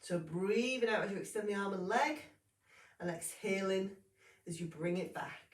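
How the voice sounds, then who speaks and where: A woman talks a Pilates class through each move in calm, steady cues, a little sniffly with hay fever. Her voice sits at a middling pitch. It is recorded from a distance, in a room that gives it a noticeable echo. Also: normal speed. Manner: calm, steady cueing with brief apologies for sniffles and yawns. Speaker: Pilates instructor. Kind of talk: guided exercise class instruction. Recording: roomy sound, mic at a distance.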